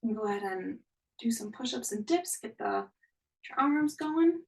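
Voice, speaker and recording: A woman's voice: on the high side, animated, normal speed, creaky, a little mellow, far from the mic, rough recording. Give me an upbeat woman instructor counting down reps, heard from across the room. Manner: upbeat, encouraging, counts down intervals. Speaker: fitness instructor. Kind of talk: live online workout instruction.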